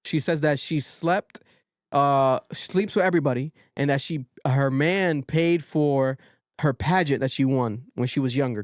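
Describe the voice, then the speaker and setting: A man hosting a podcast, recapping a reality show in animated casual chat and swearing freely. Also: medium pitch. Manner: animated storytelling, swears freely, quotes people in raised voices. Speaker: podcast host.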